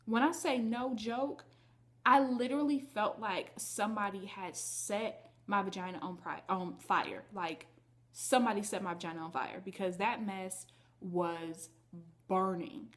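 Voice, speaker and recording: A woman's voice: medium pitch, steady tone, unhurried, fairly bright tone. A woman vlogger telling a personal story to her viewers in a candid, chatty way. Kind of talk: casual storytelling to camera.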